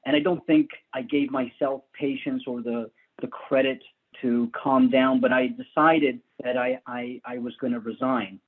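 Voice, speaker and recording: A man tells a long story in a loose, rambling way, laughing often and starting sentences over. His voice is husky and sits in a middle pitch. It comes through a thin, tinny line like a phone call. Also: steady tone, measured pace. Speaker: guest. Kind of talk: casual storytelling.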